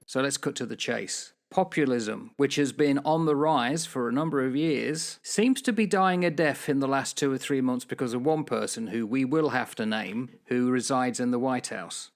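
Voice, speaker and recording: Guy on a chat podcast, dry one-liner humor, thinks out loud with lots of questions, middling voice. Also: medium pitch, normal speed, hardly any pauses. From United Kingdom. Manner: tells dry one-liner jokes, muses aloud with rhetorical questions. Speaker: podcast co-host. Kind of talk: casual political chat.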